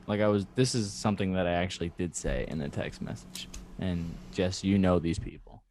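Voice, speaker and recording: A man's voice: sits low, brisk, darkish tone, a little hiss or hum. Rambling self-deprecating man on a podcast. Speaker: podcast host. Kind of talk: casual chat over video call. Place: cluttered bedroom at home. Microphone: clamp mic on a table.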